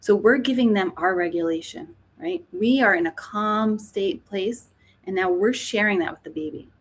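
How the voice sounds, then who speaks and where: A woman's voice: medium pitch, moderate pace. A woman, an author and teacher, explaining mindfulness in a podcast interview, often checking in with "right?". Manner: explanatory, frequent "right?" tags.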